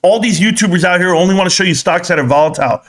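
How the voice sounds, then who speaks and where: This young adult streamer talks very fast on his casual stock live stream, reading the chat and cracking jokes with plenty of swearing. His delivery lurches from excited shouts down to low mutters.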